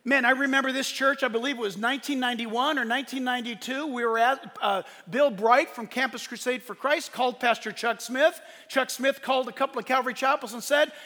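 A middle-aged man preaching a sermon as a pastor, moving between loud, fervent exclamations and hushed storytelling. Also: very high voice, brisk. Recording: long hall reverb.

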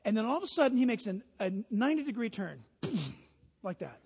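A man preaching a sermon as pastor, telling stories with lively imitations of honking geese. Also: very high voice, fast talker, creaky, slightly rough, long reverb tail.

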